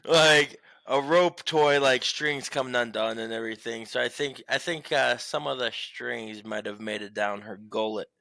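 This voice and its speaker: Brash, bright-voiced young podcast co-host. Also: male voice, mid-range voice, normal speed, creaky, hardly any pauses, no echo. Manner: profane, rambling, animated storytelling. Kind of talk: casual sports podcast chat.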